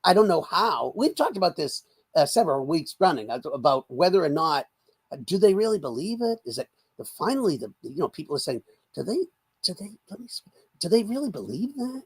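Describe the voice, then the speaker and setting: An older man from the United States, a political commentator talking as an interview guest in an animated, rambling way with many restarts. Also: high-pitched, brisk, breathy edge.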